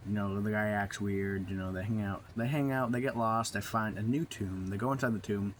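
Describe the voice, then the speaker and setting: A man with a somewhat low voice talks through a book plot off the cuff. He stalls, restarts and fills the gaps as he goes. A faint hum of noise sits under him. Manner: rambling, halting, full of fillers and restarts. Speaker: book reviewer. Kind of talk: casual book review recap.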